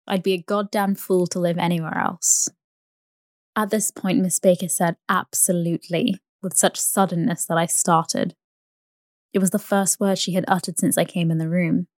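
A woman narrating a bedtime sleep story in a soft, even, unhurried reading. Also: on the low side, no room sound, clean studio sound.

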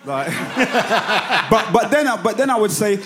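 A man from London in his fifties with a London accent, a rapper telling stories as a guest in a casual interview, animated, swearing freely and laughing often. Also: high voice, slow pace. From London, England.

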